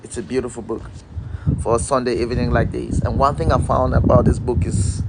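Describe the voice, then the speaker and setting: A man's voice: medium pitch, little pitch movement, brisk, gravelly, heavy background noise. A man hosting a casual live-stream outdoors, speaking in a repetitive, emphatic, inspirational way. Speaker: motivational livestream host.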